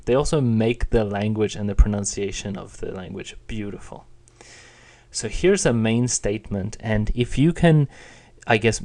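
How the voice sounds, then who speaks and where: A man's voice: lowish voice, a little mellow. A young man giving a patient, plain spoken lesson, explaining and demonstrating intonation. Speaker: Chinese teacher.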